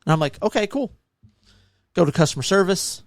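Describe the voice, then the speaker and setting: A man's voice: high voice, brisk, creaky, no room sound, studio quality. A man co-hosting a casual podcast, telling stories and acting out the people in them. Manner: animated anecdotes acting out quoted people. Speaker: podcast co-host. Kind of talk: casual chat, storytelling.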